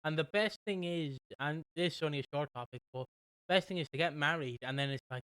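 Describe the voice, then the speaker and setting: A young British man co-hosting a podcast, casually recapping a soap with a rambling, animated manner. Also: a little high, brisk, clear, resonant tone, dry recording. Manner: rambling, animated retelling with quoted voices. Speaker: podcast co-host.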